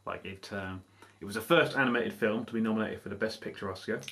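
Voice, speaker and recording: A man's voice: on the low side, fast. A man comically retelling a story to a friend in a playful, laughing way. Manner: playful, lively, breaks into laughter. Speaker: comedy video host.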